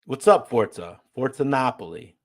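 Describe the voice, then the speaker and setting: A man's voice: mid-range voice, expressive, moderate pace. A man hosting a casual livestream, reading viewer comments aloud and joking around. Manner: loose, joking, swings from loud to mumbled asides. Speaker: host.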